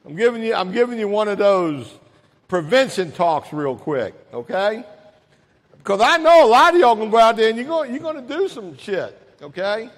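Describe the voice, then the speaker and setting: A middle-aged man with a high-pitched voice talks bluntly and casually, spinning a cautionary story for a crowd. His words ring out with the long echo of a large hall. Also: big pitch swings, normal speed. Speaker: recovery speaker. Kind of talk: prevention talk to an audience. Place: large hall, correctional facility. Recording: echoey hall.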